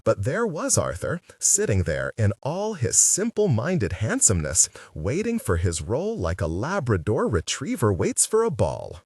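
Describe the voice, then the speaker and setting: A man reading a novel aloud in the first person, wry and animated. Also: mid-range voice, measured pace, hardly any pauses, breathy edge, dry recording. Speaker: audiobook reader. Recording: dry sound, distant mic.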